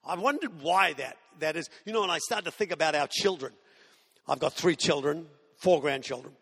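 An Australian pastor in his sixties preaches with jokes and playful whiny impressions. His voice sits high and sounds bright and forceful. It rings out with a long hall reverb. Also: moderate pace, slightly rough. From Tasmania, Australia. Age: 60s. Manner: humorous storytelling preacher, mimics whiny kids. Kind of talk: sermon.

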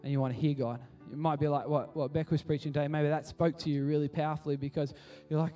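A man's voice: fairly high pitch, level tone, fast talker, few pauses, warm tone, far from the mic, soft background music. A man preaching a casual sermon at kids church, full of restarts, that builds to passionate appeals. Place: church hall.

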